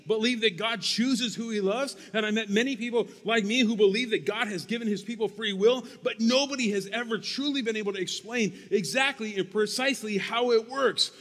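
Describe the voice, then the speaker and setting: A man's voice: extremely high pitch, fairly bright tone, big-room sound. A man preaching a sermon as pastor, emphatic, repeating key phrases for stress, in a church sanctuary.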